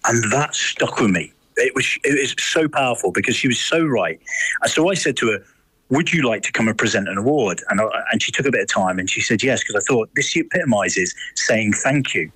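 A man's voice: mid-range voice, animated, brisk, bright, forceful tone, husky, no room sound, poor audio. A man speaking as a radio interview guest by phone, earnest and emphatic, often restarting his sentences. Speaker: guest, awards co-founder. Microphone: phone line.

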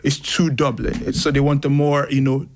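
A man's voice: on the high side, level tone, normal speed. A young man from Nigeria, a writer and artist, talking loosely and reflectively in casual conversation as a guest. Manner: loose, filler-heavy, reflective.

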